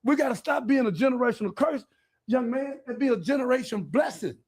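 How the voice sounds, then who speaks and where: A man hosting a podcast, delivering a fiery, profane, preachy monologue and breaking into shouts. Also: very high voice, lively intonation, fairly quick, husky. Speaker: podcast host. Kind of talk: heated monologue.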